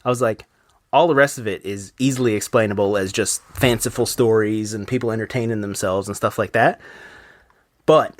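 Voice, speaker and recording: A man's voice: lowish voice, brisk, no room sound, studio quality. A man hosting a casual podcast, reading a ghost story aloud and then breaking off to comment on it with loose, swearing asides.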